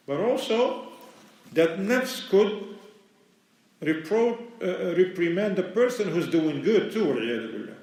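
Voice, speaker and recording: A man delivers a relaxed, conversational religious lecture, explaining his points plainly in English with non-native grammar. His voice sits at an ordinary middle pitch. It carries a heavy echo from a large hall, picked up by a microphone set well away from him. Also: unhurried. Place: mosque lecture room. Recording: very echoey hall, mic far away.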